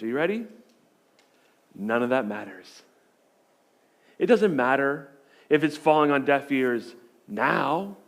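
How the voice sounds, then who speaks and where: Middle-aged male pastor, fairly high voice, chatty joking sermon in church. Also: fairly bright tone. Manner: joking, conversational storytelling.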